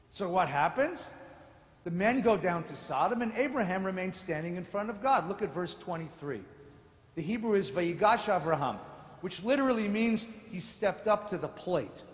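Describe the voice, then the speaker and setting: Animated rabbi in an echoey sanctuary. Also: male voice, high voice, moderate pace. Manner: animated, swings from quiet asides to shouted rebukes. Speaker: rabbi giving a memorial lecture. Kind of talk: lecture sermon with storytelling. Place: synagogue sanctuary. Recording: echoey hall with long reverb.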